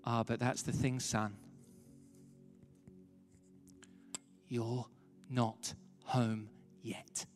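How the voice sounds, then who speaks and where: God as a calm fatherly voice, done by a man, low and soft, echoey room with faint music. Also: lightly acted. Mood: tender. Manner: low, hushed, slow and reassuring. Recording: reverberant hall, faint music.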